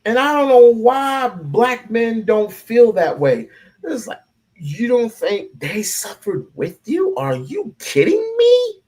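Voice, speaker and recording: A man's voice: sits high, animated, takes it slowly, darkish tone. A man giving heated, profane live-stream commentary, ranting and repeating himself.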